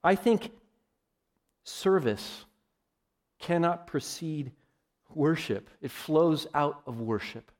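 A man preaching a sermon, emphatic, often calling his listeners "folks" and swinging from loud declarations to quiet, low asides. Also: lively intonation, slow pace, pauses often. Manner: emphatic, varies loudness widely, addresses listeners as folks.

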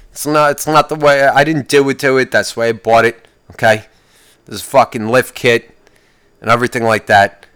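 A young man vlogging in a rambling, profane rant, his voice swinging widely up and down as he fires off complaints. He restarts sentences and swears in almost every line, flaring into loud outbursts before dropping back to a muttered aside. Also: medium pitch, no echo.

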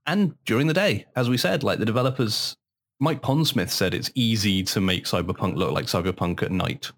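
A man co-hosting a casual podcast chat, talkative and quick to laugh, letting his voice drop low and soft at the ends of lines. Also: expressive. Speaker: podcast co-host. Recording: audio taken from a live stream.

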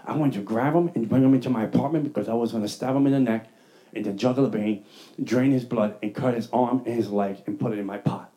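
A man preaching a testimony sermon, telling his story in an animated way and acting out his own dialogue. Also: medium pitch, fast talker. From New York.

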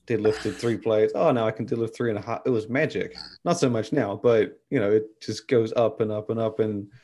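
Cast: male podcast host, fairly low voice, easygoing chat. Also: a little fast, dark tone. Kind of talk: casual chat.

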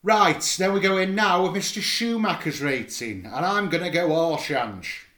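A man's voice: high-pitched, expressive, moderate pace, pushed and bright, echoey room. A man co-hosting a casual football fan chat, blunt and exasperated as he rates the players. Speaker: podcast co-host.

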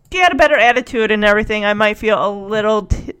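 A woman's voice: medium pitch, fast talker, fairly bright tone, clear, resonant tone. A woman hosting a casual recap chat, talking in a chatty, sarcastic way and laughing often.

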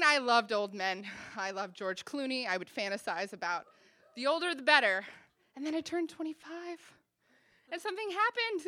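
A woman's voice: sits high, pushed and bright, dry recording. A woman in her twenties telling a funny personal story on stage, acting out the dialogue with self-deprecating humor.

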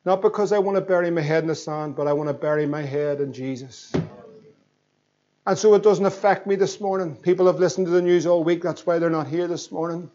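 A high-voiced Northern Irish pastor in his thirties preaches with fervent energy, pressing his listeners with emphatic questions. The recording sounds a little muffled and dull. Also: a little fast, mellow. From Northern Ireland. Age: 30s. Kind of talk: sermon.

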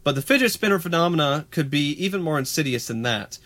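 A young man co-hosts a casual podcast, reading news items aloud and breaking off into sarcastic asides. His voice sits a little high, and he swears casually as he jokes. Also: lively intonation, fast, fairly bright tone. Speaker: podcast co-host.

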